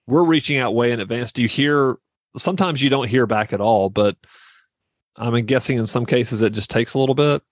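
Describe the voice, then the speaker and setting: A man's voice: mid-range voice, brisk, no room sound, studio quality. Teasing male podcast host. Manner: teasing, jokey. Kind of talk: casual podcast chat.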